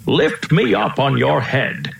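A man's voice: mid-range voice, lively intonation, takes it slowly, vocal fry, pitched above the performer's own voice, full character voice. A man voicing a brave, eager young elephant prince, in a roomy-sounding recording. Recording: roomy echo.

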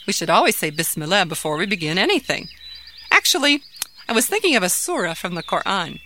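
Lady putting on a bouncy encouraging uncle, bright lively voice, storybook feel. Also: fairly quick, a little hiss or hum. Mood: gentle. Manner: upbeat, coaxing, raised pitch. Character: cheerful encouraging uncle, grown man.

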